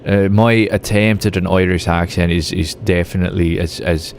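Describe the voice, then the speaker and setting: A man's voice: sits low, steady tone, normal speed, vocal fry, slight background noise. A man with an Australian accent chatting casually with his live-stream audience while gaming, rambling with lots of filler words. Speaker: game streamer.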